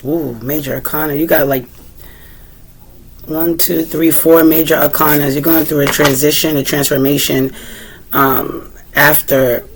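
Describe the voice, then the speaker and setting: A woman with a Boston accent giving a casual tarot reading, chatting freely and asking the cards questions aloud, often clearing her throat. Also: sits low, little pitch movement, measured pace, a little hiss or hum, low-quality recording. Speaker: tarot reader.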